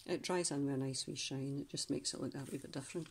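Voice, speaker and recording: A Scottish woman doing a casual craft flip-through of a handmade journal, chatty and rambling, often pausing to search for words. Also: rumbling low, steady tone, creaky, noisy background.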